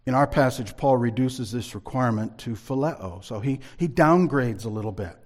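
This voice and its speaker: A male Bible teacher delivering a sermon-style lesson at a middle pitch. He speaks in a measured, emphatic way and reads scripture passages aloud, leaning on the key words.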